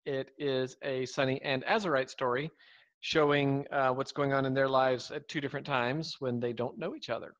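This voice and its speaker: A man's voice: mid-range voice, fairly even intonation, normal speed, fairly bright tone. A man chatting casually on a live stream, rambling and correcting himself as he talks about his writing. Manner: rambling, self-correcting, easygoing.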